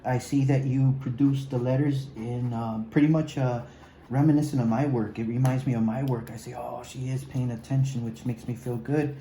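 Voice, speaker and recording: A man's voice: medium pitch, steady tone, moderate pace, dark tone, echoey room, a little hiss or hum, rough recording. A man teaching an eighth-grade art class, giving feedback in an encouraging way and talking through his drawing, often trailing off to a mumble as he works. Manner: encouraging, repeats "okay?" and "guys"; talks while drawing, often drops to a mumble. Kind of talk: recorded drawing lesson.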